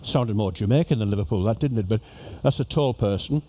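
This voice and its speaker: A man with a fairly low, warm voice speaks briskly as an after-dinner speaker, giving cruise passengers a humorous, chatty talk in a ship's lecture venue. He's a jokey storyteller addressing his audience.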